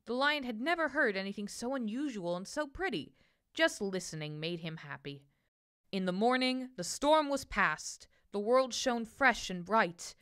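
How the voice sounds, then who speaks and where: A woman reads a children's picture book aloud in a bright, clear voice. Her storytelling is gentle and expressive, and her pitch moves up and down a lot. She gives each line its own colour. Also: normal speed.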